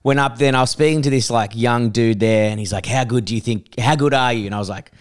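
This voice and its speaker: A man, a comedian co-hosting a podcast, telling anecdotes with animated, swear-heavy delivery and quick voice impressions. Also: mid-range voice, clear, resonant tone. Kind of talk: casual banter and storytelling.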